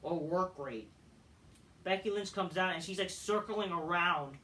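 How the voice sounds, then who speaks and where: A man delivers a blunt, profane wrestling review, stumbling into restarts as he rants. His voice is high and piercingly bright. It sounds set back from the microphone. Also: unhurried, recorded from a distance. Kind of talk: ranting commentary.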